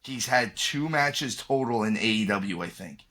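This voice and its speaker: A man's voice: fairly low pitch, lively intonation, measured pace, pushed and bright. Opinionated man co-hosting a podcast. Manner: opinionated, emphatic, frequent restarts. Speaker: podcast co-host. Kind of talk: casual chat.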